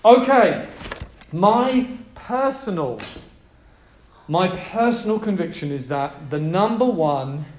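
Male pastor, high voice, energetic and emphatic sermon delivery, roomy echo. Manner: emphatic, energetic preaching with audience prompts. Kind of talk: sermon to a live group. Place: room with a gathered group.

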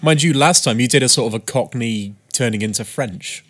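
A man co-hosting a podcast, with dry deadpan humour and occasional bursts of surprise. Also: mid-range voice, brisk. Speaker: podcast co-host. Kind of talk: casual podcast chat.

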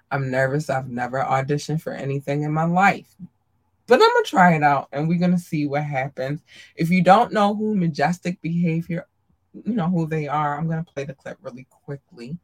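A woman hosting a podcast, chatting casually and affectionately with listeners and often jumping into a squeaky high voice for greetings. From Maryland, USA. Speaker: podcast host. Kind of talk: casual livestream shout-outs.

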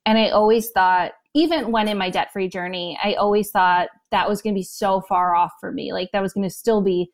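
Emotional woman guest near tears. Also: medium pitch. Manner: emotional, talks in quick bursts. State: close to tears. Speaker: podcast guest. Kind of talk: personal story in an interview.

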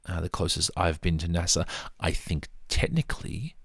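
A man's voice: low-pitched, animated, normal speed, vocal fry, fairly bright tone, husky, no echo, clean studio sound. A man talking casually through his mug collection in a rambling, self-deprecating way. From Australia. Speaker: vlogger. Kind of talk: casual show-and-tell monologue.

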